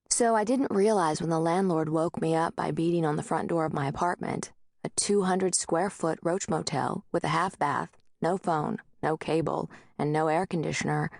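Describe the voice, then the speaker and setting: A woman's voice: low voice, no echo. A woman narrating an audiobook in the first person, wry and conversational, on a close studio mic.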